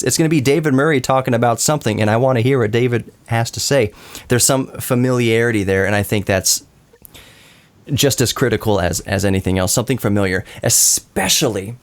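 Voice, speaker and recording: A man hosting a casual roundtable podcast, rambling and correcting himself with apologetic asides. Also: on the low side. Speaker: podcast host.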